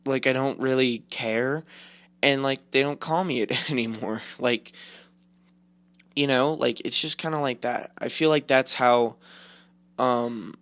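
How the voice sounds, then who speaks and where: A man's voice: mid-range voice, measured pace, fairly bright tone, no echo. A man in his twenties hosts a casual podcast rant, rambling on with constant filler words and plenty of swearing. His voice sits in an ordinary middle register. The recording is dry, with no room sound around him. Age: 20s. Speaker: podcast host.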